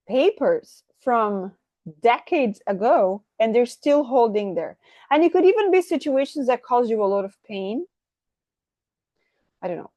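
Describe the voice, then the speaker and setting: A woman giving a channeled tarot reading, effusive and excitable, tripping over her words and asking "right?" again and again. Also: mid-range voice, dry recording. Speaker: tarot reader.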